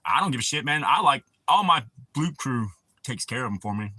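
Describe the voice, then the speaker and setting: A man's voice: mid-range voice, expressive, brisk, sharp tone, husky, dry recording. A man, hosting a casual livestream and rambling crudely with a lot of swearing. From United States. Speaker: livestream host.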